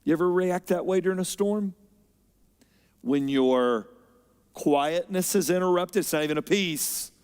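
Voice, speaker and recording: High-voiced pastor preaching in a reverberant hall. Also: male voice, a little slow, pauses often, smooth. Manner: expressive, swings between loud emphasis and quiet. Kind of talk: sermon. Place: church auditorium.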